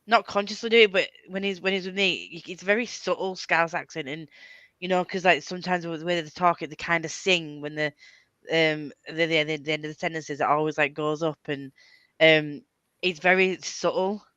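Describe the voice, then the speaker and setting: A woman rambles through a casual chat with friends, breaking into giggles often. Her voice is bright and forward, caught close in a dry space with a slightly dull, lo-fi quality. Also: sits low, fairly even intonation, brisk, no room sound. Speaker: channel host. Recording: dull lo-fi sound.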